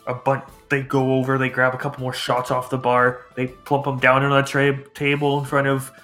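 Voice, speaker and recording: A man narrating a tabletop game as its game master, in a loose storytelling way. His voice sits at an ordinary middle pitch. Soft music plays faintly underneath. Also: monotone, moderate pace.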